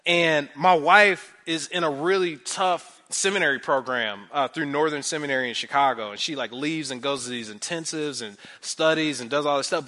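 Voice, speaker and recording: Man preaching, thirties, bright forceful tone, slightly high voice, casual filler-heavy sermon. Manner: conversational, uses many fillers like "like"; animated, repeats phrases for emphasis. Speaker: pastor.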